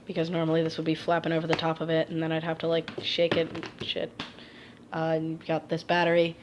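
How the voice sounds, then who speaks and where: A woman's voice: low-pitched, completely flat delivery, quick pace, background noise. A woman vlogging in her home kitchen, filming on a phone in one hand, rambling and swearing to herself as she cooks. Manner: rambling, profane, muttering to herself. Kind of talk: casual self-filmed cooking vlog. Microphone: phone held in one hand.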